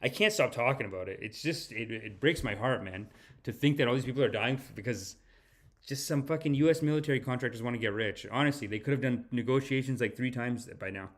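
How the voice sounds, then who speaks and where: A man's voice: mid-range voice, quick pace, a bit bright. A man hosting a podcast, reacting to clips in a casual, joking, profane way. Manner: joking, profane, laughing often. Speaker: podcast host.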